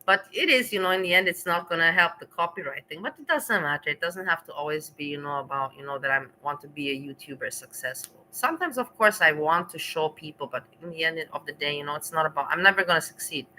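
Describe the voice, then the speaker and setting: Chatty livestreaming woman, bright voice. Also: low-pitched, lively intonation, fast, hardly any pauses, slight background noise, rough recording. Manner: rambling, laughs often, talks back to chat. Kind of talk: casual livestream chat to viewers.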